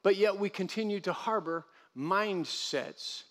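A man, a pastor, preaching a sermon in an animated way, repeating key phrases and acting out the voices of the people he quotes. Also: high-pitched, unhurried. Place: church service.

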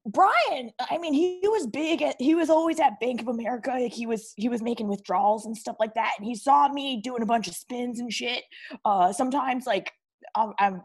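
A woman's voice: a little high, darkish tone, breathy edge. A woman playing a brash, slangy teenage boy who breakdances and pranks, in an improv comedy interview. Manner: slangy, boastful, calls people bro.

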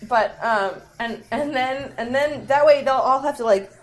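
A woman's voice: sits high, normal speed, slight background noise. A woman playing a tabletop game who rambles through her plans and giggles often. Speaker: player. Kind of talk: casual tabletop play.

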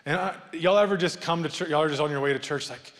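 Male pastor, higher-pitched voice, animated sermon delivery with joking asides, long church-hall reverb. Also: fast. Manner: animated preaching, rising loud then dropping soft, joking asides. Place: church sanctuary.

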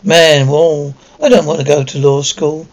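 An actor playing a young male college student in a TV drama, talking in a quick, griping way. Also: fairly high pitch, fairly even intonation, close to an everyday voice, low-quality recording. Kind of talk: TV drama dialogue.

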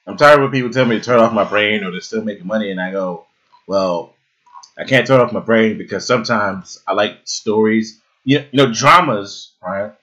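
A man co-hosting a casual podcast chat, animated and swearing, breaking into loud laughs. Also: fairly low pitch, moderate pace, highs cut off. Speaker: podcast co-host.

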